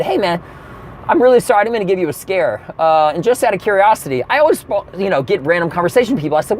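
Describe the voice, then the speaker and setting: A man's voice: on the high side, a little hiss or hum. A man telling a comedic rant from his car, acting out the people in his story. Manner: animated storytelling with acted-out quotes.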